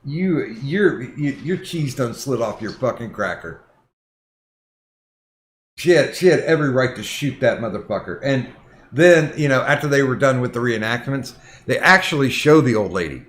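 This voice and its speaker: A male podcast host telling a story in casual chat. His voice sits at an ordinary middle pitch, and he swears a lot. He stumbles over restarts as he works himself up. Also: lively intonation, moderate pace, a bit bright. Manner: profane, heated retelling with many restarts.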